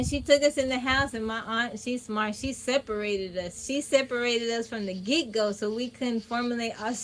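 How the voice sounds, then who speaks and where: A woman hosting a phone livestream, telling a childhood story to her chat in a chatty, animated way with laughs. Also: a little high, slight background noise. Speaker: livestream host. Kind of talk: casual storytelling to a live chat. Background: crickets and insects.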